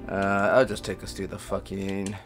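A man's voice: low voice, monotone, moderate pace, soft background music. Profane, joking male streamer. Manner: profane, joking, talks to his dog between game talk. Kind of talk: casual gaming chat. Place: home.

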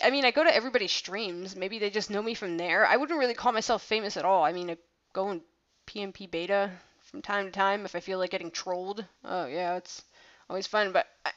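A woman's voice: mid-range voice, fairly bright tone, lo-fi sound. A woman giving casual gameplay commentary over her own battle, rambling and self-deprecating, with lots of "like" fillers.

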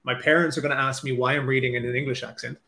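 Talking very fast in a creaky, bright, forceful mid-range voice with a level tone, an Irish author makes nervous, self-deprecating small talk before reading aloud. His speech is packed with "like" and false starts, and the room is echoey.

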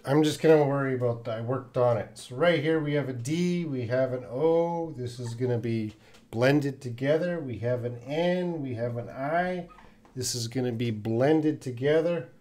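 Man drilling English pronunciation live. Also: medium pitch. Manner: repeats phrases slowly for pronunciation drills; relaxed, thinks aloud with fillers. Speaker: English teacher. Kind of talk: live-streamed lesson answering chat comments.

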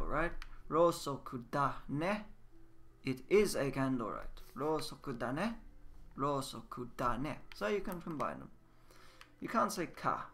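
A man teaching Japanese words slowly and repeating each one for learners over a game video. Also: mid-range voice, sharp tone, a little hiss or hum. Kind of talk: casual game-based lesson.

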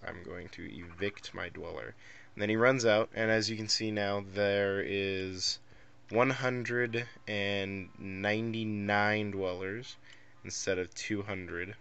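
Young man, low-ish pitch, bright tone, monotone rambling gameplay commentary with lots of filler. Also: slow, vocal fry. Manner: monotone, rambling, many ums. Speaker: gameplay video creator.

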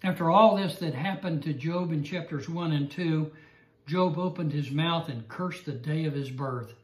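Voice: medium pitch, moderate pace, echoey room. A Bible class teacher giving an evening lesson and telling a joke with chuckles and restarts.

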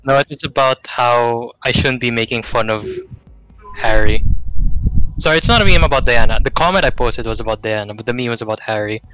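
A man's voice: mid-range voice, sharp tone, no echo, poor audio. A man chatting casually with friends while playing a shooter game, rambling a bit as he talks. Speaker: let's play gamer. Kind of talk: casual chat while gaming.

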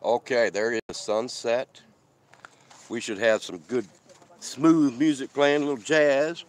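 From his desert campsite, a van-life vlogger eats and rambles through a casual live stream, reading out comments from viewers. His medium-pitched voice is fairly even and measured, with a little hiss or hum audible.

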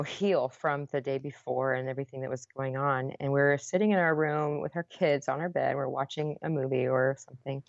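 A woman's voice: deep voice, gravelly, dry recording, lo-fi sound. A woman guest on a podcast, earnestly retelling a painful personal story with many restarts.

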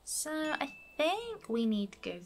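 A woman's voice: sits high, very animated, unhurried, slight background noise. A woman giving playful, chatty commentary while playing a life-sim game. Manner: playful, chatty, fond of cute characters. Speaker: gameplay streamer. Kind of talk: casual gameplay commentary.

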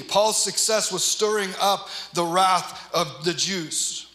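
A man's voice: sits high, slow pace, bright, forceful tone. A man, a pastor, preaching an earnest and emphatic sermon, teaching through scripture. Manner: earnest, emphatic, acts out quoted lines. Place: church hall. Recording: echoey church hall.

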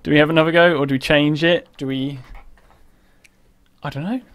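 A man streaming a horror game live, panicking, swearing and shouting at the game. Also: fairly high pitch, steady tone, brisk, smooth.

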